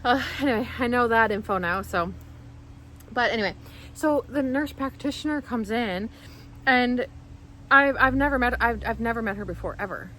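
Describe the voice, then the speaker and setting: Woman vlogging in her car, kinda high voice, rambly and emotional, faint road noise. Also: normal speed, pushed and bright, rough recording. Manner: emotional, rambling, lots of "like" and restarts. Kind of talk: casual storytelling to camera.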